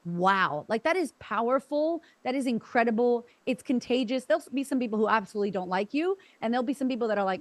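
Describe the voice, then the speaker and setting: An Australian woman sales trainer tells stories on a video call, enthusiastic and animated. Her voice sits fairly high. The sound is dry and close. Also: fast, hardly any pauses, no echo.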